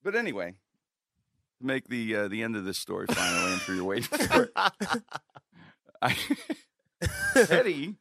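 A man's voice: lowish voice, normal speed, creaky, pauses often, slight background noise. A middle-aged man telling a long anecdote in a casual podcast chat, acting out the quotes and laughing as he goes. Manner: animated storyteller, acts out quotes, laughs often. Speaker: guest storyteller.

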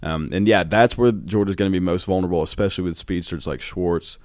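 A young man with a notably deep voice talks sports in a laid-back, easy way. He chuckles now and then and lets his sentences fade off softly. The sound is dry and close to the mic. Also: quick pace, no echo. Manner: relaxed, chuckles often, trails off quietly. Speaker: student sports podcast co-host. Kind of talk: casual sports chat.

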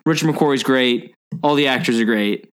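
Male podcast co-host, mid pitch, chatty and eager. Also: normal speed, clear, resonant tone. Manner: enthusiastic, rambling with fillers. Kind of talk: casual movie podcast chat.

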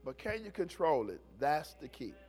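Animated high-voiced male preacher. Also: normal speed, breathy edge. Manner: animated storytelling, acts out voices. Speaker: pastor. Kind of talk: sermon.

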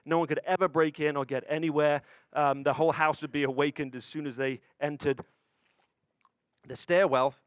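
A man's voice: a little high, fairly even intonation, moderate pace, clear, resonant tone, dry recording, lo-fi sound. A man preaching a sermon, telling a family story with building suspense and acted-out dialogue.

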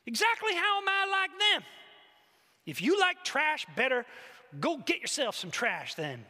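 A man voicing an indignant, self-righteous older woman who growls and rants loudly at God. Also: extremely high pitch, wildly swooping pitch, measured pace, voice pushed up, exaggerated voice. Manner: growling, ranting, loud. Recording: long hall reverb.

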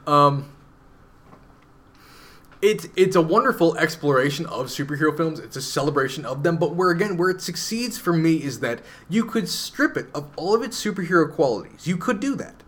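A man's voice: fairly high pitch, animated, normal speed, a bit bright. A man co-hosting a podcast, talking through films in a thoughtful, analytical way with many fillers. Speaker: podcast co-host. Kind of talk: casual chat.

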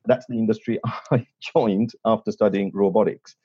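A man in his forties, a podcast guest, telling relaxed anecdotes with wry humour. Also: lowish voice, normal speed, hardly any pauses, slightly rough, no room sound, muffled recording. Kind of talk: conversational storytelling.

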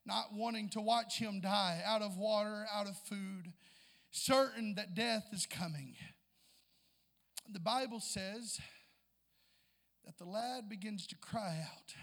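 A man delivers a sermon in a strikingly high voice, swelling from quiet reflection to fervent, near-shouted appeals. His words ring out with a long reverb, as if he were recorded in a large hall. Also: vocal fry. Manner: impassioned, building to near-shouts with church interjections. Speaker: preacher.

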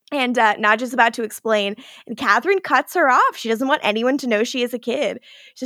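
A woman's voice: a little high, brisk, pushed and bright, no room sound, clean studio sound. A young adult woman hosting a podcast, recapping a TV episode in a chatty, giggly way and acting out quotes. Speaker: podcast host.

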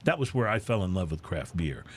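A man co-hosting a casual drinks podcast, chatting in a relaxed, rambling way with lots of fillers. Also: low voice, fairly quick, slightly rough. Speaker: podcast co-host. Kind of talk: casual chat.

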